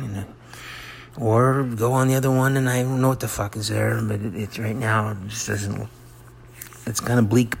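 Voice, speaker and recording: A middle-aged man talks in a rambling personal monologue, his low voice rough with a gravelly edge. He stops and restarts, mocks himself, and keeps slipping into quiet whispered asides. A faint hum of ambient noise sits behind him. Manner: halting, self-mocking, drops into soft whispered asides. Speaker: monologue host.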